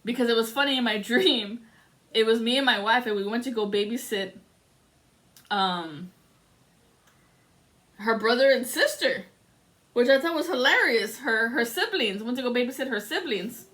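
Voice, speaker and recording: Woman pulling tarot cards, kinda high voice, rambly and swears a lot, gets excited telling stories. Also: moderate pace, long pauses. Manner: rambling and profane; excitable storytelling. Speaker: tarot reader. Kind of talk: casual tarot reading.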